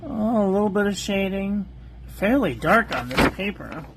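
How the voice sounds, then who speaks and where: A woman hosting a calligraphy channel, methodically reviewing ink on one paper after another in a calm, soft-spoken voice. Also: mid-range voice, normal speed, background noise.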